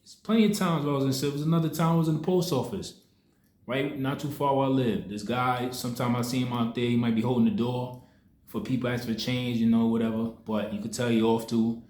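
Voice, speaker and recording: A man's voice: mid-range voice, fairly even intonation, fast talker, darkish tone. A young man telling a personal story in loose street slang, rambling with restarts as he shares a spiritual lesson. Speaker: spiritual content creator. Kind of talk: casual spoken storytelling. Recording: echoey room.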